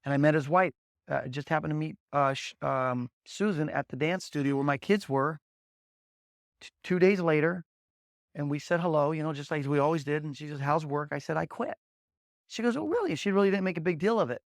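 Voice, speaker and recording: Man, high voice, motivational sales trainer, energetic storyteller, dry close sound. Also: a little fast, creaky, no room sound. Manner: energetic storyteller, drills points with repeated "guess what" and "okay?"; blunt, punchy coaching delivery. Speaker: agency leader training new agents.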